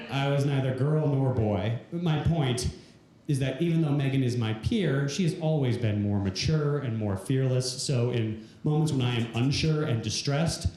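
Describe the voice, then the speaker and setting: A man's voice: medium pitch, mellow. A man performing rhyming stand-up comedy on stage, telling a story in rhymed verse. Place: live comedy venue stage. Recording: echoey live venue room.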